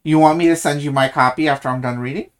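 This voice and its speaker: Casting: podcast co-host who keeps restarting sentences, mid-pitched, casual book chat. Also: fairly even intonation. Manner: halting, many restarts and self-corrections.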